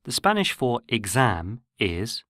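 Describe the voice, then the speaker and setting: A man narrates a language lesson in a steady, explanatory way, his pitch sitting in the middle range. The recording is dry and close, with no room sound. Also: no echo. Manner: measured, explanatory.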